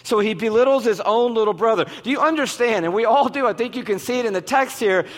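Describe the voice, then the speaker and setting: Male pastor, high voice, deliberate emphatic sermon delivery, long hall echo. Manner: slow, emphatic preaching with dramatic pauses.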